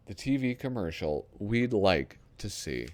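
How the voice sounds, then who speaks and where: Low-voiced guy flipping through a magazine, animated, mumbly asides. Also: a little slow. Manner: casual, swears, trails off into mumbled asides. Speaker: host. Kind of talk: casual magazine flip-through commentary.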